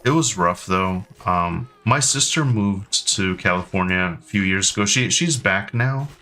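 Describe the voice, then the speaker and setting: His voice is low yet lively in intonation, sharp in tone and measured in pace. The speaker, an American man in his thirties, chats casually with stream viewers, rambling and hesitant with frequent ums and restarts.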